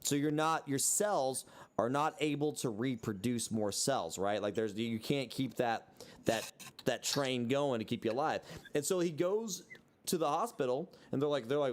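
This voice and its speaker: A man's voice: mid-range voice, moderate pace. Rambling young man telling a story. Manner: rambling storyteller, swears freely, lots of fillers. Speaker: podcast co-host. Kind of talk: casual chat.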